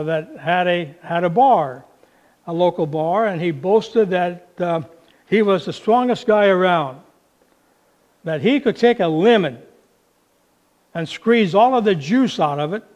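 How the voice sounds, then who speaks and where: A male pastor preaching a sermon in an unhurried, folksy way, telling a story with fillers along the way. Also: high-pitched.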